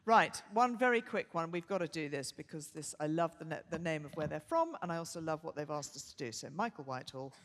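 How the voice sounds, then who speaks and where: An older English woman co-hosting a live podcast show, brisk, bossy and quick to laugh. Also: deep voice, animated. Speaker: podcast co-host. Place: theatre stage before a live audience. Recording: long theatre reverb.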